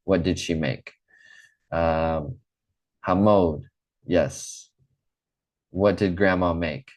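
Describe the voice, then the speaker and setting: Deep-voiced American man teaching English. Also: a little mellow. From Midwest United States. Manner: slow, clear, repeats and checks with okay. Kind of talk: live online English class.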